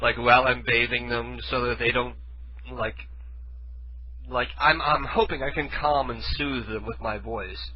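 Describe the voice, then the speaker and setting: A man's voice: medium pitch, fairly even intonation, a little slow, muffled recording, slight background noise. A man hosting a radio show, telling a rambling story in casual chat and correcting himself as he goes. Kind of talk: casual storytelling with running commentary.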